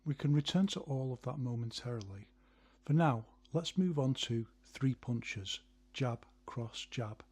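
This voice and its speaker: A man with a slightly husky, breathy voice talks through martial arts technique in a steady explanatory manner. His pitch sits in an ordinary middle range, and he counts out rhythms as he demonstrates. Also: measured pace. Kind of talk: instructional video narration.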